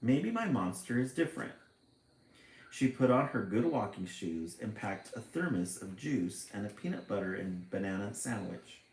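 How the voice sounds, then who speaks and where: A man reading a children's picture book aloud, expressive, with chatty asides between passages. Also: fairly low pitch, moderate pace, hardly any pauses, reverberant, poor audio. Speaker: storytime reader.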